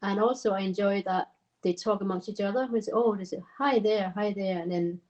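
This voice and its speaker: A woman's voice: medium pitch, a little fast, darkish tone, lo-fi sound. A Danish woman with a Scottish accent, chatting as a guest on a live stream in a friendly, slightly hesitant way. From Denmark. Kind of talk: casual chat on a live stream.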